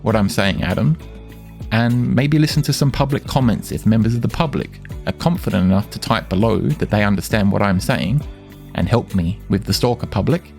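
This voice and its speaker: A man speaking insistently to camera in a monologue, repeating and slowly stressing his words. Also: fairly low pitch, vocal fry, darkish tone. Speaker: vlogger addressing his stalker. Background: music.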